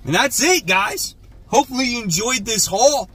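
A man's voice: very high-pitched, animated, normal speed, a bit bright, husky. A man hosting a casual comic haul video, laid-back and blunt, often tacking "man" onto his sentences. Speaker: comic book channel host.

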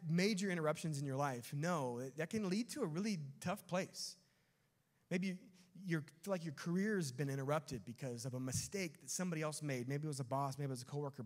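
A male pastor preaching a sermon, animated and dropping to quiet emphasis on key words. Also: fairly high pitch. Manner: animated, acts out quotes, drops to quiet emphasis.

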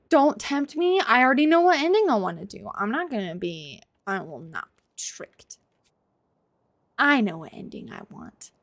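A woman's voice: on the high side, gravelly. A woman streaming a game, chatting playfully to her viewers and yelping as she plays. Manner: playful, chatty, yelps and laughs while fighting. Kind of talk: casual gameplay commentary.

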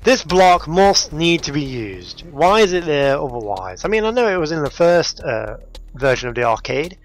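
Animated man narrating gameplay. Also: fairly high pitch, normal speed, soft background music. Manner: frustrated, talks to himself and viewers. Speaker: gaming video host. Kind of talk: let's play commentary.

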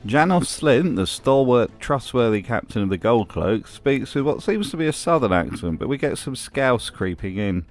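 A man's voice: mid-range voice, very animated, moderate pace, hardly any pauses, soft background music. A man narrating a scripted commentary with dry, sarcastic humor. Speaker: video essay host.

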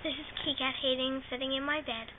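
A woman's voice: high voice, steady tone, fast. A woman filming her cats at home, cooing to them in baby talk and imitating their meows. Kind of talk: home video, talking to pets. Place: bedroom at home. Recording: tinny lo-fi home video audio with faint hiss.

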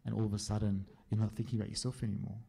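A low, gravelly male priest with a husky, mellow tone. He answers a church group's questions casually, spinning stories and often pausing to check his listeners are with him. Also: flat delivery. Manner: chatty storyteller, often checks in with a quick "yeah?".

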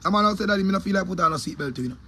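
A man's voice: high-pitched, animated, racing, bright, forceful tone. A man with a Jamaican accent, a DJ delivering an angry, profane, repetitive rant about his opinions. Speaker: DJ giving opinions.

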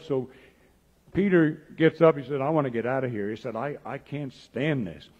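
A man's voice: medium pitch, moderate pace. A male pastor preaching a sermon as a story, acting out the lines of its characters in his own voice. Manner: acts out dialogue in plain voice, animated. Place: church sanctuary. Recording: dull old church audio with long reverb.

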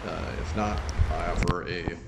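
Deep-voiced man, dry voice-over humor. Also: steady tone, moderate pace, gravelly, echoey room, heavy background noise. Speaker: video host narrating. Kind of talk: voice-over narration.

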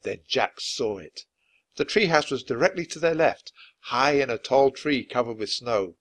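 Expressive man reading a children's story. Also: mid-range voice, normal speed. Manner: clear, expressive narration. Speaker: storybook reader. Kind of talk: reading a children's book aloud.

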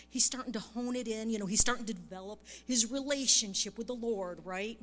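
A woman's voice: medium pitch, a bit bright. A woman telling a story in a conversational sermon, often checking in with the congregation and laughing lightly. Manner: conversational, keeps asking "right?" and laughs lightly. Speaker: speaker at a church service. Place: church sanctuary. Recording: long hall reverb.

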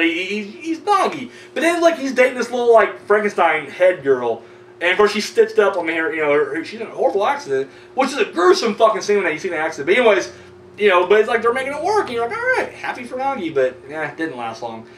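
High-voiced man rambling through a movie plot. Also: fairly bright tone. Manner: loose and profane, heavy on fillers like "you know" and "like". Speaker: horror film reviewer. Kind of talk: casual rambling plot recap. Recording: roomy, distant mic with faint hum.

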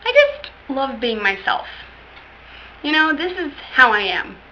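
A woman's voice: high voice, very animated, a little slow, bright, forceful tone, slight background noise. A teenage woman talking casually to her webcam, hyper, giggly and silly, on muffled lo-fi audio. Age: late teens.

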